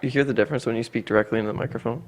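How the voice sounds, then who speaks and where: A man's voice: mid-range voice, steady tone, racing. A man interviewing a guest, chiming in with brief prompts and playful questions. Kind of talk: casual interview.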